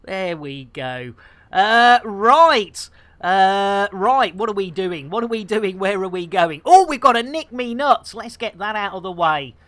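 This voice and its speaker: A woman's voice: mid-range voice, lively intonation, unhurried, fairly bright tone, a little hiss or hum. A woman chatting playfully and giggling with viewers on a live game stream, speaking into a headset.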